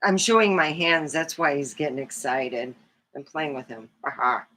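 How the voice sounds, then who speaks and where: A woman's voice: low-pitched, moderate pace, bright, forceful tone. A woman hosting a casual livestream, rambling affectionately and talking to her cat as she plays with it. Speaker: livestream host.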